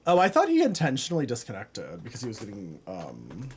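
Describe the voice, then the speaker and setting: Chatty woman streamer with wildly swinging pitch. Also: husky. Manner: chatty, expressive, quick reactions, playful complaints. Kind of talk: live-streamed gameplay commentary.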